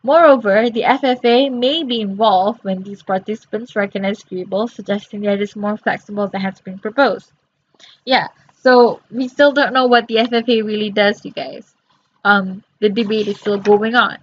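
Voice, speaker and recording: A drowsy young woman talks through her course notes late at night, half reading and half explaining in loose, rambling sentences full of fillers and restarts. Her voice sits at a middle pitch, and the audio is a little dull and lo-fi. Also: normal speed. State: very sleepy. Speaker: student reviewing course notes.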